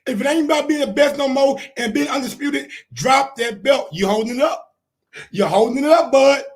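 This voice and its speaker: A man hosting a sports show, delivering heated commentary in a casual style, often shouting and repeating himself for emphasis. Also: very high voice, normal speed, gravelly. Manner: heated, repetitive, frequently shouting.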